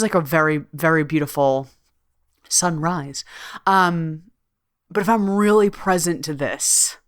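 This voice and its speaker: A middle-aged woman speaks in a somewhat low voice, recorded close and dry. She hosts her own podcast and talks frankly, swears freely and hums between thoughts. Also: no room sound. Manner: candid and swearing freely, with laughs and drawn-out hums. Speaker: podcast host and coach. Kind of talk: casual solo podcast monologue.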